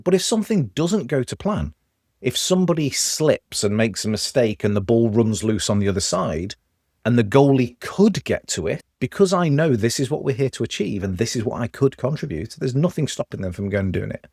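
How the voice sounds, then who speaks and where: A man with a Stoke Midlands accent, a podcast guest telling lively examples in casual conversation. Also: mid-range voice, a little fast, husky, dry recording, clean studio sound. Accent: Stoke, English Midlands.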